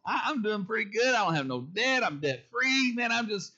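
A swaggering servant man, freshly debt free, crowing about himself in a high, bright voice, as a preacher acts him out in a sermon. The recording sounds dull and lo-fi. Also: big pitch swings, normal speed, heavily acted. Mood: boastful. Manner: boastful, then harsh and demanding.

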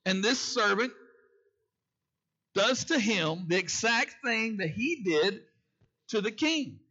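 Bright high-voiced preacher. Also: male voice, animated, slow pace, dull audio. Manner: repeats key phrases, asks the congregation questions. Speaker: pastor. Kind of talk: sermon.

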